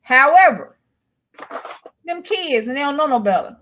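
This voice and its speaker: A woman's voice: sits high, big pitch swings, unhurried, a bit bright, slight background noise. A woman co-hosting a casual chat, telling stories in a blunt, profane, laughing way. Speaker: co-host.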